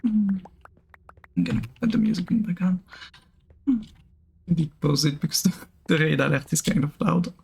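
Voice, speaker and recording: A man's voice: sits high, normal speed, vocal fry, pauses often, a little mellow, breathy edge. A man from Switzerland with a Swiss French accent, chatting casually on a live gaming stream, rambling with many fillers and restarts as he answers chat.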